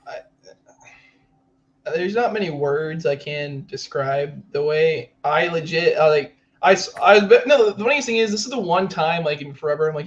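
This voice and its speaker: A man's voice: on the high side, moderate pace. Rambling young man, dull lo-fi audio. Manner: rambling, heavy use of "like", excitable. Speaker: podcast co-host. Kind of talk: casual sports chat.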